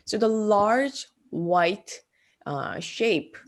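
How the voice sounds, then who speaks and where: A woman giving a classroom art lecture, speaking haltingly with many fillers. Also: mid-range voice, animated. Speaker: art instructor.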